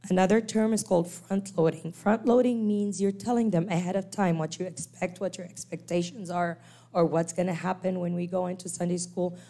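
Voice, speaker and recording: A woman's voice: lowish voice, fairly quick. A woman lecturing to church teachers on special needs kids, acting out parents and children as she explains. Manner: animated, acts out quoted parents and kids.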